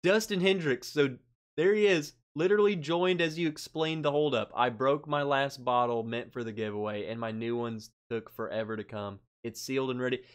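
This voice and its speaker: A man's voice: mid-range voice, fairly even intonation, normal speed, smooth. A man hosting a casual livestream, reading out chat comments, laughing often and sounding stressed. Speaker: livestream host. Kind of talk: casual live-stream chat.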